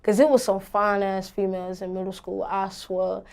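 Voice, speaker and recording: A woman's voice: mid-range voice, little pitch movement, normal speed, darkish tone. A young woman rapper answering interview questions in a blunt, confident, slangy way.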